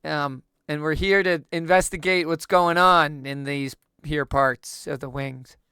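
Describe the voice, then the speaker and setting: A man's voice: fairly high pitch, fairly even intonation, measured pace, bright, forceful tone, clear, resonant tone, no echo, clean studio sound. A man playing a tabletop game, playful and joking. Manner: playful, joking, laughing often. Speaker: player.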